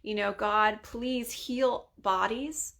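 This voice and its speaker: A woman leading a spontaneous spoken prayer in an earnest, conversational way, full of casual fillers and sometimes dropping to a soft near-whisper. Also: fairly high pitch, fairly even intonation, slow, creaky. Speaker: prayer leader.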